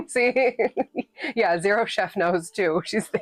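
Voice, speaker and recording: A woman's voice: mid-range voice, takes it slowly, no room sound, soft background music. A woman from New England chatting casually with her live-stream viewers, playful and sassy and laughing often. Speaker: livestreamer and author reading her novel.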